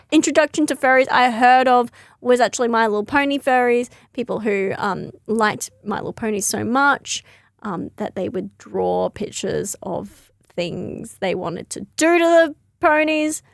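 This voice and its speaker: Brief: young female comic, high voice with vocal fry, rambling and giggly, dry close sound. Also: measured pace, no room sound. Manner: rambling, giggly, lots of "like" and self-corrections. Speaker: comedian. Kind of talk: casual comedic monologue.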